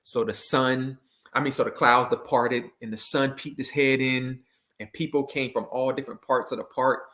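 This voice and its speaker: Bright-voiced man telling a story. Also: medium pitch, moderate pace. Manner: animated storyteller, acts out quotes with a raised voice, loose with "like". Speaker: motivational speaker and education consultant guest. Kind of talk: storytelling in a video interview.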